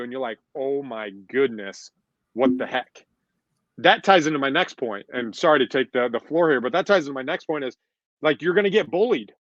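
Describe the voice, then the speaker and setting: Fairly high in pitch and a bit bright, this man talks casually as a podcast co-host, making points through emphatic repetition and performing quoted voices. The dull, lo-fi recording is dry, with no echo.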